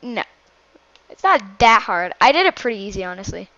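A woman's voice: medium pitch, sing-song, moderate pace, pushed and bright, dry recording, lo-fi sound. A young woman chatting casually while gaming, teasing and upbeat. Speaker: gamer.

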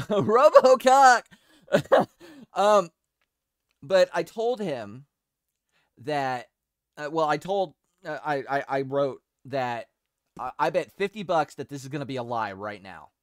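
A man hosting a casual podcast, talking in a rambling, profane and excitable way with frequent restarts. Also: medium pitch, a little slow, no room sound, studio quality. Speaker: show host.

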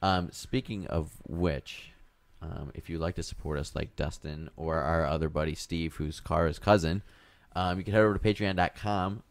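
Low voiced guy hosting a podcast, rambly and chatty, lots of um. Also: fairly even intonation, normal speed, no room sound. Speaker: podcast host running a music quiz. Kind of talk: casual chat.

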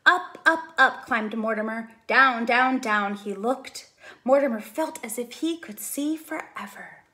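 Slow, sing-song woman reading a storybook. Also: a little high, pushed and bright. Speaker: preschool teacher. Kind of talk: reading a picture book aloud.

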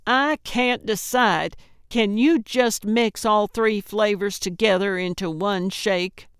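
A woman's voice: medium pitch, takes it slowly, clean tone, no room sound, clean studio sound. A woman narrator voicing a stubborn, cranky elderly woman with a walker, bossy and wheedling, who hollers when annoyed. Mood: hollering.

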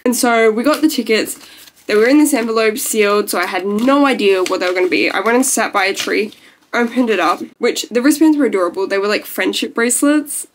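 A woman's voice: a little high, brisk, slight background noise. Gushing young woman vlogger, tearful. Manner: gushing, emotional, lots of "like". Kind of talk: casual talking-to-camera vlog.

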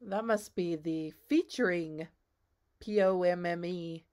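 A woman's voice: fairly low pitch, darkish tone. Earnest, rambling reaction host, woman. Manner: earnest, rambling with many "like"s and trailing pauses. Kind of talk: casual reaction commentary.

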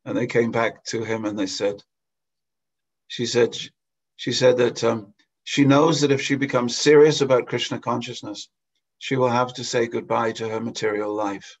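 A man giving a scripture class as a storytelling sermon, chuckling often and pausing with hesitations. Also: mid-range voice, flat delivery. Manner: anecdotal, with frequent chuckles and hesitations. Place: temple hall. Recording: dull lo-fi lecture recording.

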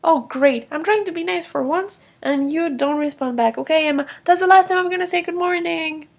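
A woman's voice: extremely high pitch, a little fast, vocal fry. A woman voicing a grumpy young boy in a toy film, talking in an irritated, dismissive way. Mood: annoyed. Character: grumpy young boy, impatient big brother.

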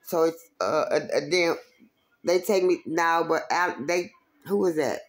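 A woman telling a profane, animated story from her street days, acting out the quotes. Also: low voice, measured pace. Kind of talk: casual storytelling.

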